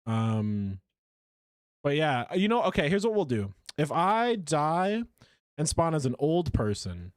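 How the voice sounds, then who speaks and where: A man's voice: on the high side, very animated, slow pace, no room sound, clean studio sound. A man streaming a game live, chatty and self-mocking as he talks through his play. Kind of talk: live gameplay commentary.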